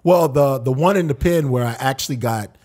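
A man's voice: mid-range voice, fairly quick, darkish tone. A man with a mid-range voice tells his own story in an easy conversation. He hesitates and corrects himself as he goes. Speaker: co-host. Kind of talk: casual storytelling chat.

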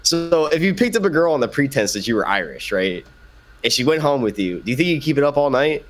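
A man's voice: medium pitch, very animated, fast. A young man joining a podcast over an online call, joking and egging the others on. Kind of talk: casual chat. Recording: noisy call line with clicks.

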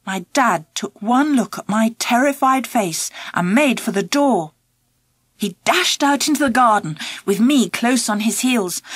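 A woman narrating a children's audiobook in the first person, expressive and animated. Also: fairly high pitch, husky, dry recording. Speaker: audiobook reader.

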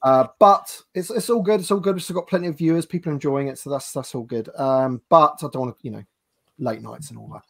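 A man's voice: medium pitch, fairly quick, creaky, fairly bright tone. A man hosting a casual livestream panel, talking with lots of ums and restarts over a video call. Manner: hesitant, many ums and restarts. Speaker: livestream host.

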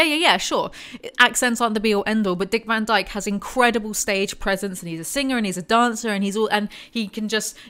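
A woman's voice: medium pitch, a bit bright, smooth. A young woman YouTuber reading from a book aloud and breaking off into sarcastic, mocking asides. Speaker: YouTube commentator.

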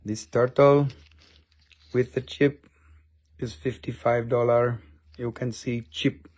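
A man's voice: medium pitch, little pitch movement, slow, darkish tone. A man hosting a casual live-stream sale of rocks and minerals, chatty and jokey, with offhand swearing.

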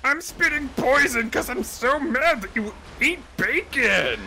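A shrill, hot-tempered pig monster whines and rages in a high, swooping voice, as a man puts him on. He is petulant and theatrical, every line pushed loud and bright. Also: wildly swooping pitch, slow pace, a little hiss or hum, heavily acted, rough recording. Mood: furious.

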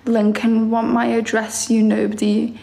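Slow-talking woman teasing her live chat. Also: a little high, monotone, creaky, warm tone. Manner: teasing, sarcastic replies to chat, laughs often. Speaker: live streamer reading comments. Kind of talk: casual live-stream chat.

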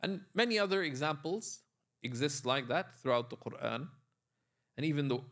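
A man's voice: fairly high pitch, lively intonation, normal speed, fairly bright tone. A man teaching Arabic grammar in a classroom lecture, explaining step by step and often quizzing his students with questions and "right?". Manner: frequent checking tags like "right?".

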